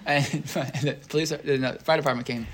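A woman's voice: a bass voice, moderate pace, slight background noise. A woman teaching an interactive Torah class, telling stories and putting questions to the group. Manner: lively, storytelling, asks the group questions.

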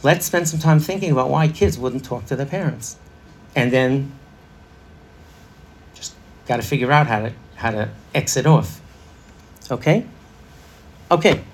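A man's voice: medium pitch, unhurried, pauses often, husky. A middle-aged man leading an interactive parenting workshop, chatty and laughing, quizzing a live audience.

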